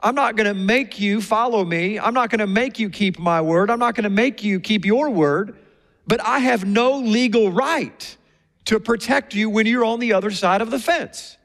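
A man preaching a sermon, telling stories in a lively way and acting out the people he quotes. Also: high voice, normal speed. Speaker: pastor. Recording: long hall reverb.

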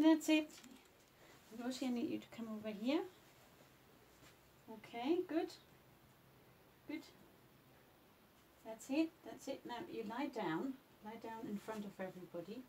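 At home during an indoor photo session, a woman working as a pet photographer coaxes her cats to pose, repeating their names and commands. Her voice is on the high side with a darkish tone, and there is slight background noise.

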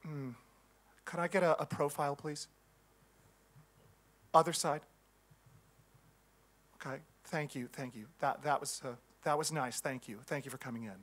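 A curt casting judge. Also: male voice, a little high, fairly even intonation, moderate pace, pauses often, a bit bright. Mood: dismissive. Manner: clipped, brusque and hesitant. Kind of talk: comic sketch.

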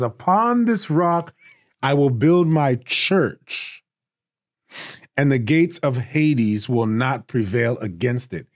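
A man teaching a Bible study in a casual, emphatic way, raising his voice to stress points and slowing down on key phrases. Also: medium pitch, a little mellow, no echo, clean studio sound. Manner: emphatic and conversational, rising for stress, drawing words out slowly.

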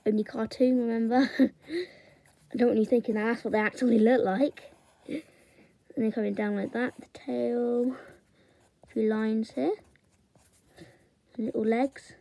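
Young woman, drawing tutor, unhurried and chatty, narrates step by step. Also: on the high side, steady tone, gravelly, dark tone, no room sound.

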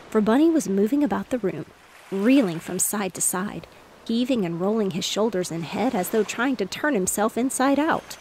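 A woman narrating a bedtime story in a soft, soothing reading voice. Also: mid-range voice, moderate pace, slight background noise.

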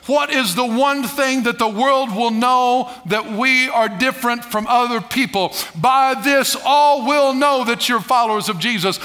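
A man's voice: extremely high pitch, measured pace, few pauses, pushed and bright. A middle-aged male pastor preaching a sermon in church, calling for responses and repeating key phrases. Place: church sanctuary.

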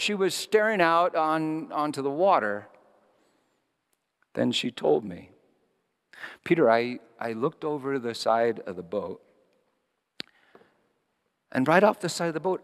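A male pastor preaching a sermon, telling stories and moving between hushed, quiet passages and lively, raised ones. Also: fairly high pitch, long reverb tail. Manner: storytelling, shifting between hushed and animated.

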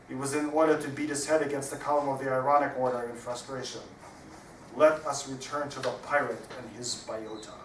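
A man reading his own comic poetry aloud at a live event in a lecture hall, with a dry, deadpan delivery. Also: a little high. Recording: echoey hall, distant mic, faint hiss.

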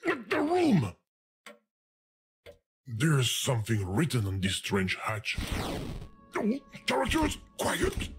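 A man's voice: medium pitch, huge pitch swings, slow, pauses often, husky, heavily acted. A man voicing a fussy, easily exasperated talking video game that scolds the player with indignant, panicky outbursts. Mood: alarmed. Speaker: game narrator character. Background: music.

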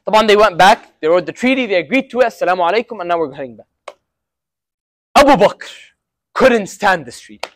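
At a university Muslim association, a young male student gives a casual, conversational religious storytelling lesson to a student group, frequently using Arabic filler words. His voice sits high, and there is no echo.

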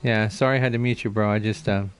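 A man's voice: lowish voice, fairly even intonation, quick pace, smooth. A man streaming a game live, chatting casually and greeting viewers by name on a desk mic. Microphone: desk mic, no headset.

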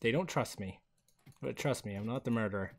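A man hosting a casual gameplay video on a headset mic, excitable and chatty, laughing often. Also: medium pitch, a little fast. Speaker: gaming video host.

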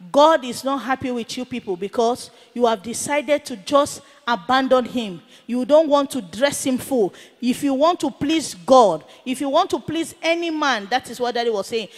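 A woman preacher delivering a sermon as she recounts a vision, emphatic and full of rhetorical questions. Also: high voice. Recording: long reverb of a large hall.

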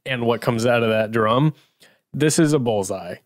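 A man's voice: mid-range voice, normal speed. A man co-hosting a podcast in casual, playful chat. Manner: playful, upbeat. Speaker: podcast co-host.

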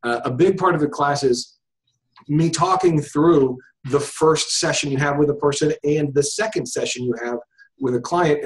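A man's voice: a little high, poor audio. A man who teaches hypnosis, talking casually as an interview guest with lots of fillers and restarts. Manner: casual, thinks aloud with frequent fillers and restarts. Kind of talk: conversational interview. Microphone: video call.

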